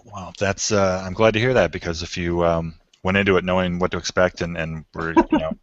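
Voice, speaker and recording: Deep-voiced author guy, thoughtful, restarts a lot, dull dry audio. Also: steady tone, fairly quick. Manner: thoughtful, self-correcting, laughs easily. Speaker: author and guest. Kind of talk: podcast interview chat.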